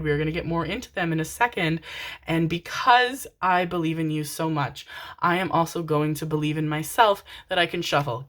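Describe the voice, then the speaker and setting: A woman's voice: fairly low pitch, normal speed, fairly bright tone. A young woman doing a pick-a-card tarot reading, affectionate and giggly, calling viewers her babies and swearing casually. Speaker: tarot reader.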